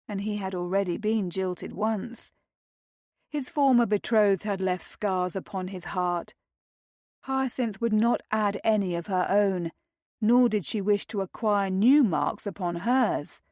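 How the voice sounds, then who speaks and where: A woman reading a romance novel aloud in measured, even scripted narration. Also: medium pitch, no room sound, clean studio sound. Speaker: audiobook narrator.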